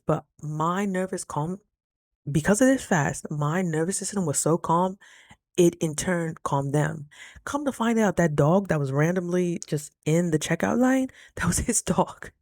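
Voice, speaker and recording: Animated chatty woman vlogging, dry sound. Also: lowish voice, unhurried, no room sound. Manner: chatty, animated, addresses viewers as girl. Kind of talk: casual storytime vlog.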